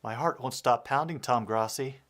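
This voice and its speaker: A man voicing a shy, bookish teenage girl who is flustered and obsessive, speaking in a hushed, breathy, halting way while playing a game. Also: mid-range voice, lightly acted. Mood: breathless, flustered. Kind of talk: let's play voice acting.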